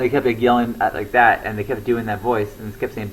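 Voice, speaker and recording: A man's voice: fairly low pitch, level tone, quick pace, a little hiss or hum, low-quality recording. A young man talking casually to camera, rambling with lots of fillers and restarts. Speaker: comedy show regular.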